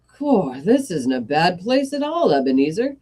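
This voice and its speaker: A woman voicing a weary, exasperated old male ghost who speaks in a tired, halting way. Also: fairly low pitch, sing-song, darkish tone. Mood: matter-of-fact.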